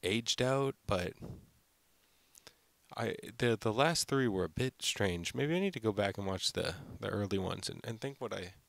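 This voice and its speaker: A man's voice: fairly low pitch, normal speed, creaky, dry recording. A young man hosting his own film channel, giving an unscripted, rambling review full of "like" and fillers. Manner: rambling, heavy use of "like" and fillers.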